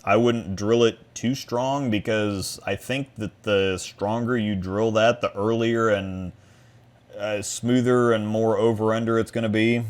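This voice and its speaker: Male stream host, low voice, loose rambling delivery over a video call. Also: fairly even intonation, measured pace. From Midwest US. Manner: rambling, restarts phrases, answers chat questions. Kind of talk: casual livestream chat.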